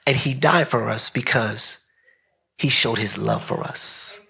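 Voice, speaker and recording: Male pastor, husky voice, animated and conversational sermon delivery to his congregation. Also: takes it slowly. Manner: animated, conversational preaching with wide swings in pitch and pace. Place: church service.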